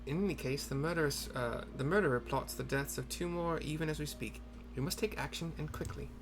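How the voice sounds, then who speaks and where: A man's voice: fairly high pitch, fairly quick, voice pushed up, close to an everyday voice. A man voicing a worried noblewoman. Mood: urgent. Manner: formal, urgent. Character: anxious noblewoman, earnest and formal.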